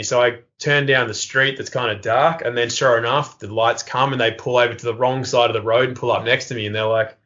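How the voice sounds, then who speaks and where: A man's voice: medium pitch, fairly even intonation, brisk, hardly any pauses, a bit bright. A man, a podcast guest, telling a rambling funny anecdote with lots of fillers and laughter. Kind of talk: casual storytelling in an interview. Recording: slightly lo-fi podcast audio.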